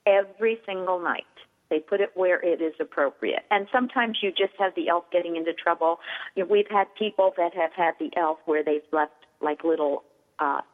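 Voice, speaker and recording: Middle-aged shop-owner guest, lively explainer, heard over a tinny line. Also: female voice, deep voice, normal speed. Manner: animated, explains with acted-out examples. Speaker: toy store owner, guest. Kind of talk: radio interview. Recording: tinny phone line with long reverb.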